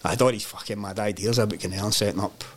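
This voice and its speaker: A Glaswegian man telling stories as a podcast guest, animated and full of swearing, acting out other people's voices. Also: fairly low pitch, rapid-fire. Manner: animated storytelling, heavy swearing, acts out voices. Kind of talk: casual chat.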